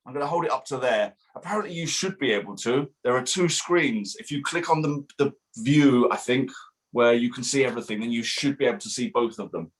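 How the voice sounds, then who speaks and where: At a bookshop event streamed online, a children's author reads his picture book aloud to kids, playful and sing-song, acting out silly noises. His voice sits at a medium pitch and moves at a brisk clip.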